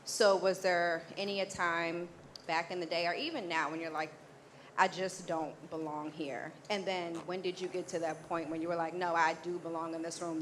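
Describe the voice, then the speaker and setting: A woman in the audience asking the guest an earnest question at a live event. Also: on the low side. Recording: distant audience mic with room noise.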